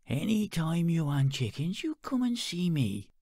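A man voicing a brisk older countrywoman selling chickens, teasing and motherly, speaking slowly. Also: on the high side, very animated, creaky, a little mellow, no room sound, clean studio sound, voice pushed up, heavily acted. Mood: teasing, kindly.

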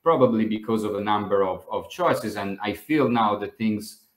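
A man's voice: on the low side, moderate pace, roomy sound. A man being interviewed as a podcast guest, speaking thoughtfully and hesitantly with frequent fillers and restarts. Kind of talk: reflective conversational interview.

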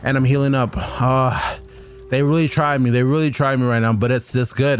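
Excited young man playing a game. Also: medium pitch, normal speed, no room sound. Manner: excited, trash-talking enemies, chatty. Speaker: gaming streamer. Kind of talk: let's-play commentary.

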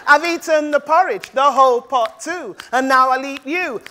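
A woman's voice: high-pitched, normal speed, bright, forceful tone. A woman voicing a greedy fat cat, boasting in a menacing way. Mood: gloating. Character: greedy fat cat that ate an old lady.

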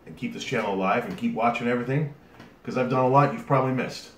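A man's voice: medium pitch, quick pace, recorded from a distance. A man hosting his own video channel, chatting casually to the camera with a lot of fillers while he sweats from a hot pepper. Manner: rambling, chatty, with many fillers. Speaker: YouTube host. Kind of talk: casual vlog talk to camera. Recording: roomy echo, off-mic, faint hiss.

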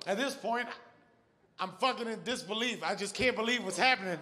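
High-voiced, profane stand-up comedian. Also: male voice, fairly quick, a crowd in the background. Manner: profane, animated, shouts for emphasis. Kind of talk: stand-up storytelling. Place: large theater stage. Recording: live show, loud audience laughter and noise.

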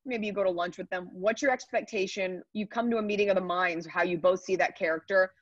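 A woman in her thirties, a comedian, chatting upbeat and quick in an interview over a video call. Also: mid-range voice, fairly even intonation, no echo. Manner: chatty, upbeat, rapid asides. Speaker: comedian guest. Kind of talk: casual interview answers. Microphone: computer mic on a video call. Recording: dry, dull video call audio.

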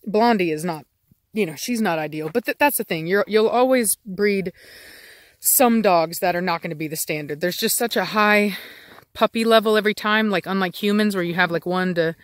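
A woman's voice: mid-range voice, normal speed, no room sound. A woman dog breeder talking casually outdoors, rambling with many fillers and restarts. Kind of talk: casual outdoor vlog chat. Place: outdoors in a yard with dogs.

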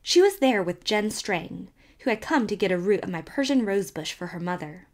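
A woman voicing a sharp-tongued spinster neighbor who relishes scandal and speaks emphatically. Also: medium pitch, expressive, fairly quick, close to an everyday voice. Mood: scandalized.

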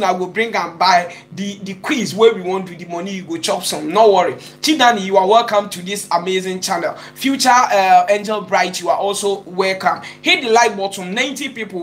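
A man's voice: high-pitched, fairly bright tone, slight background noise. Chatty man hosting a live stream. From Ghana. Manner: chatty, switches between Pidgin and English, greets viewers by name. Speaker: YouTube live-stream host. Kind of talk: casual live-stream chat. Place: in Italy.

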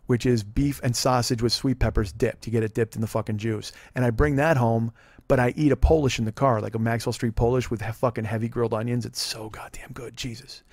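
Fast-talking, profane man in his forties. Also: mid-range voice, no echo, clean studio sound. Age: 40s. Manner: rapid, profane, animated rambling with restarts. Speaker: podcast host. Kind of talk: casual comedic storytelling.

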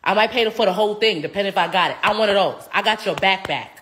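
A woman in her thirties, a reality TV cast member, chatting casually in an interview at a restaurant table, animated, swearing freely and laughing often. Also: mid-range voice, quick pace. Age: 30s.

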